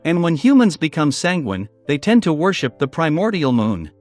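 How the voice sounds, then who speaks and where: Audiobook: a man reads a gloomy young vampire, fairly high, lively pitch. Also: moderate pace, faint music behind. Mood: despondent. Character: proud young male vampire, despondent.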